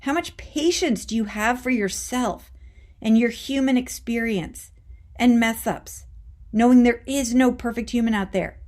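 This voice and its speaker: Female coach-host, fairly high voice, punchy conversational pep talk, checks in with "okay?". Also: measured pace, darkish tone. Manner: emphatic, conversational, addresses listeners as warriors; casual with mild swearing and frequent "okay?". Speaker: life coach and show host. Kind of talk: motivational talk to listeners.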